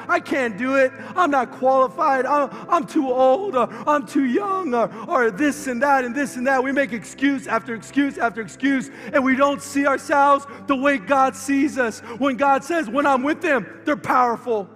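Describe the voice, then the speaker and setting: A male pastor preaches with fervor, his voice strikingly high and going hoarse as he loses it. His shouted lines ring out with a long hall reverb. Soft music plays behind him. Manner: impassioned preaching, rising to shouts. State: losing his voice. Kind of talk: sermon.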